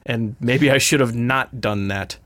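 Man, streamer, podcast co-host, casual chat, playful, mid pitch, dry. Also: measured pace, fairly bright tone, dry recording.

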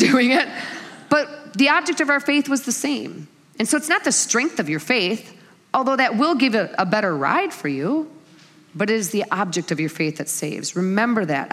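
A middle-aged woman preaching a sermon, telling stories with lively acted-out quotes. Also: mid-range voice. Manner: animated storytelling with acted-out quotes. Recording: long hall reverb.

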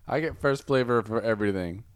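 A man's voice: medium pitch, clear, resonant tone, dry recording. Playful laughing man, podcast banter. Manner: playful, laughing, crude humor. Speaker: podcast co-host. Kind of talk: casual chat.

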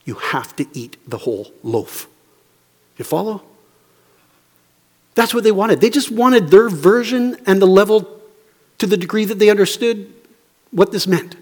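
Fervent high-voiced preacher in a reverberant hall. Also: male voice, animated, unhurried, long pauses. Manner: swings between hushed, low asides and fervent raised preaching; emphatic, repetitive rhetorical questions. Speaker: pastor. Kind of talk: sermon. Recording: long reverb of a large hall.

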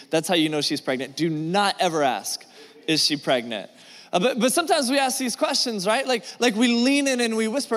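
A man preaching a sermon as pastor, animated and conversational. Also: sits high, big-room sound. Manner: animated, conversational, acts out whispered asides.

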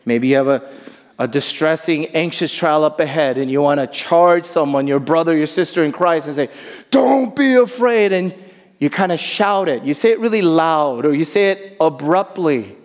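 Male pastor, high-pitched, lively sermon delivery, long church reverb. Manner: animated preaching, slowing to soft emphasis. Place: church sanctuary.

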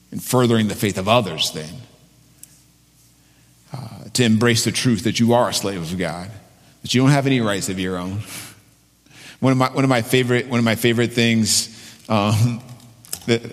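A man pastor delivering a sermon and prayer, halting, with frequent restarts and fillers. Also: lowish voice, long reverb tail. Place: church sanctuary.

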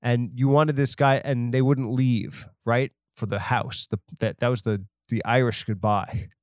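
A man's voice: mid-range voice, flat delivery, a little slow, no room sound, studio quality. A man hosting a podcast, rambling through an off-the-cuff comedic story and mocking himself as he goes. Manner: self-deprecating, rambling, off the cuff. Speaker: podcast host.

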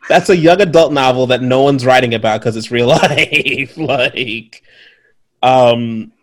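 A man's voice: mid-range voice, unhurried. A man co-hosting a casual movie podcast, laughing often and trading sarcastic jokes. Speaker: podcast co-host. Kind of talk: casual chat reviewing a movie.

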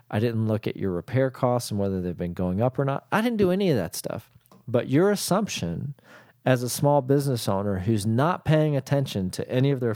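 Talking plainly and informally to small business owners, an accounting firm owner and CPA plays both himself and his clients in recounted calls. His voice is medium in pitch with a darkish tone, recorded cleanly in a studio with no echo.

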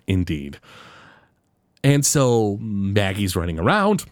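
On a casual podcast, a male co-host recaps an episode, animatedly acting out the quotes as he retells it. His voice is fairly low and slow, recorded in studio quality with no room sound.

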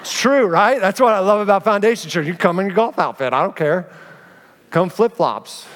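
Animated pastor, high voice, reverberant sanctuary. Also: male voice, normal speed. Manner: animated storytelling, acting out quoted voices. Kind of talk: sermon. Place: church sanctuary.

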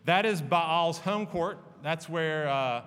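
A man delivers a sermon in a loose, conversational storytelling style, full of asides and little fillers. His voice sits a bit high for a man. The sound carries a long reverb, as if in a large hall. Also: takes it slowly, a bit bright, clean tone. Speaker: pastor.

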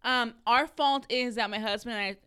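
Bright, high-voiced young mother chatting. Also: normal speed, smooth. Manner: animated storyteller who acts out family quotes. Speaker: podcast co-host. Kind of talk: casual chat.

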